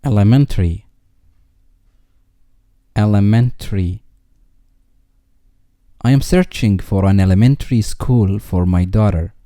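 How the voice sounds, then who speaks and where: A man reading English vocabulary words twice each, followed by a slow example sentence. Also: on the low side, warm tone, no room sound, clean studio sound.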